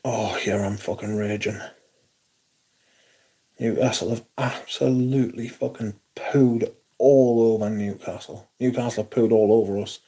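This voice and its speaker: A man's voice: fairly low pitch, steady tone, a little slow, mellow, slightly rough. A man hosting a livestream, chatting casually in a sweary, rambling way. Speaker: fragrance livestream host.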